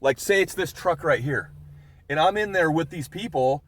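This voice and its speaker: A man's voice: on the high side, normal speed, fairly bright tone. A man in his forties telling rambling, chatty stories about his dogs in a casual vlog. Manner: rambling, chatty storytelling with many asides. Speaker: dog owner vlogger.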